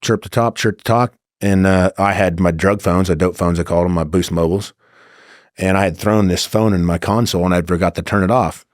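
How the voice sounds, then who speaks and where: A former undercover officer telling casual war stories as a podcast guest, laid-back and swearing freely. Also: male voice, low voice, fairly even intonation, a little fast, dry recording, studio quality. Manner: laid-back, swearing, acts out quoted voices. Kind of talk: casual storytelling. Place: podcast studio. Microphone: studio mic.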